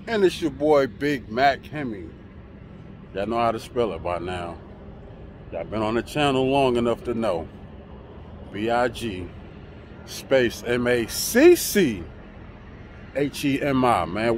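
A man's voice: medium pitch, very animated, takes it slowly, long pauses. Laid-back guy vlogging by his truck, takes his time, voice jumps all over, some faint traffic behind. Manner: laid-back, chatty, talks straight to viewers. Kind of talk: casual vlog talk to camera. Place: outdoors by a truck at a loading site.

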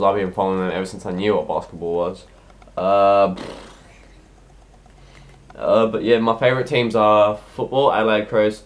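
A sixteen-year-old boy, sick and coughing, answering viewer questions in a rambling, hesitant casual vlog. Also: on the low side. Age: teens. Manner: rambling, hesitant, heavy with ums and restarts.

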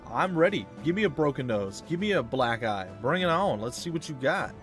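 A man's voice: on the high side, sing-song, brisk, fairly bright tone, soft background music, pitched above the performer's own voice. A man voicing a cocky male brute mercenary who brashly dares enemies to hit him. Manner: brash, taunting.

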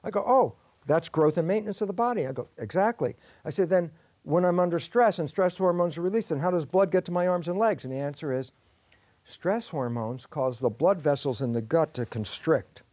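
A man's voice: a little high, lively intonation, a little fast, darkish tone, no echo. An older man explaining science in an interview, telling it as a story where he asks and answers his own questions. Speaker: guest expert.

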